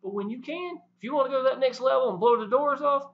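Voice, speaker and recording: A man talking to the camera, animated and preachy, often saying "y'all". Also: very high-pitched, fast talker, a little hiss or hum. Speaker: network marketing promoter. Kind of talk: casual talk to camera. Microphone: camera mic. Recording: dull lo-fi sound.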